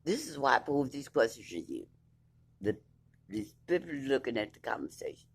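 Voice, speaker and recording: A woman's voice: very deep voice, sing-song, normal speed, slightly rough. A woman telling her own court story in a blunt, indignant way, swearing freely and reading papers aloud. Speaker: vlogger recounting her court case. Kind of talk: emphatic personal account, reading documents aloud.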